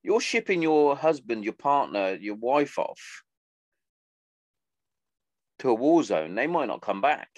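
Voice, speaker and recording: A man's voice: mid-range voice, big pitch swings, slow pace, long pauses, no echo. A man in his thirties hosting a podcast, rambling casually with lots of swearing and some sentimental asides. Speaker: podcast host. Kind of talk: casual monologue.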